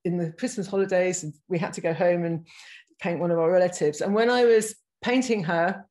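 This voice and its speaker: Thoughtful woman in her sixties, low-voiced. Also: a little mellow, poor audio. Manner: thoughtful, halting, frequent restarts. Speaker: guest speaker. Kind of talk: reflective online talk, reading excerpts aloud.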